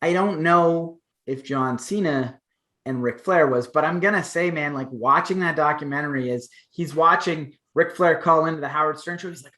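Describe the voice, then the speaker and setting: A man in his thirties co-hosts a laid-back wrestling chat show, talking in long, rambling stretches full of fillers and restarts. His slightly high voice sounds pushed and bright, at a moderate pace.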